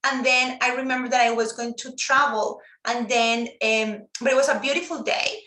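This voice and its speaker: Spanish-native woman on a video call, high bright voice, heartfelt, keeps restarting, echoey room. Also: steady tone, moderate pace. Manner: earnest, heartfelt, many restarts. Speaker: guest teacher. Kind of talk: casual live-stream chat.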